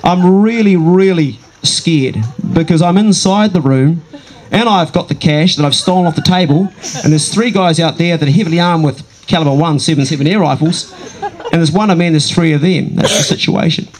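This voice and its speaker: A man telling a comic story from his own life to a live audience, conversational with dramatic pauses and wry asides. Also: fairly high pitch, poor audio. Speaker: comedic storyteller.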